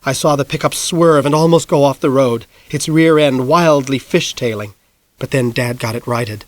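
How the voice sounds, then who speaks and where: A man in his forties narrating an audiobook in a measured storytelling voice, close on a studio mic. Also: medium pitch, no echo. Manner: measured storytelling, rising to shouts in action. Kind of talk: scripted narration.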